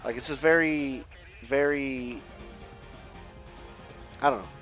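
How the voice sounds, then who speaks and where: A man's voice: mid-range voice, takes it slowly, gravelly, a bit bright, faint music behind. A young man from a Mexican family, a streamer chatting casually and rambling, swearing often and restarting his sentences. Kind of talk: casual rambling chat while playing a driving game.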